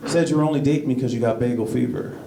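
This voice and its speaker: A man's voice: medium pitch, rapid-fire, gravelly. A man performing a stand-up comedy set on a club stage, chatting with the crowd between jokes. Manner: conversational, jokey asides to the crowd. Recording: echoey club, mic heard from a distance, noisy. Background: audience laughter.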